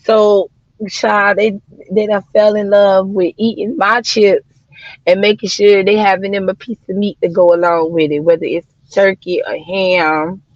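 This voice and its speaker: A woman's voice: medium pitch, little pitch movement, a little slow, no echo, lo-fi sound. A woman chatting casually on a livestream, talking to her viewers like friends, with plenty of swearing and slang. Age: adult mother of daughters. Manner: chatty, swearing, addressing viewers as y'all and child. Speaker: livestream host.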